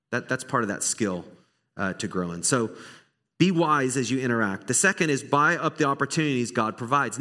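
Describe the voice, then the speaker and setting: A man preaching a sermon to his church, conversational and animated, now and then acting out little exchanges between people. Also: medium pitch. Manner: animated, conversational, acts out small dialogues. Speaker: pastor. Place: church sanctuary.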